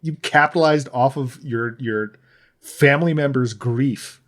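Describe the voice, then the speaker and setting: A man's voice: mid-range voice, unhurried, fairly bright tone. A man co-hosting a podcast, talking in a rambling, sardonic way with lots of fillers and restarts. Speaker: podcast co-host. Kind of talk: casual chat.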